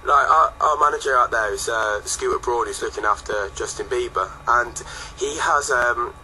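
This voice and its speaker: A man's voice: mid-range voice, moderate pace, pushed and bright, a little hiss or hum, poor audio. A young man from England, a guest in a radio studio telling stories in a laid-back, chatty way. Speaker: guest singer. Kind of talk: casual radio chat.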